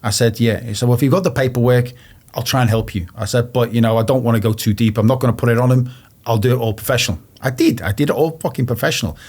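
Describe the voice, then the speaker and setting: A man from England sits as a guest and tells his story in a blunt, plain way, swearing freely. His pitch sits in the usual middle range. He acts out the old phone calls in quoted voices as he goes. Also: fast, darkish tone. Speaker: interview guest. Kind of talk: casual storytelling.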